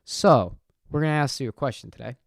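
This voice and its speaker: A man's voice: mid-range voice, fairly quick, vocal fry, no echo, clean studio sound. A man hosting a casual live-stream chat, rambling and talking to viewers in the chat. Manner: rambling, chatty, reads chat aloud. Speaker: channel host.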